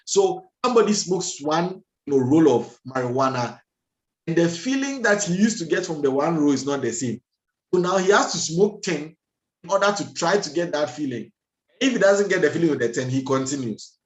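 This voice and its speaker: A man, a doctor giving a lively health lecture over a video call, laughing at himself and acting out everyday scenes. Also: on the high side, normal speed, reverberant, low-quality recording.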